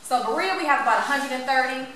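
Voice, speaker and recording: Speaking fast in a high, lively voice, a woman from Cleveland, Ohio, works as a motivational speaker telling her story to a live crowd. Playfully, she keeps quizzing the room. The audio has a little hiss or hum and sounds distant and echoey, with faint ambience behind her.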